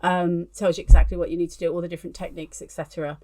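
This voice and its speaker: A woman's voice: on the low side, flat delivery, racing, mellow. A woman from London co-hosting a casual crafting chat over a video call, chatty and self-deprecating, laughing often. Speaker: co-host, fibre artist.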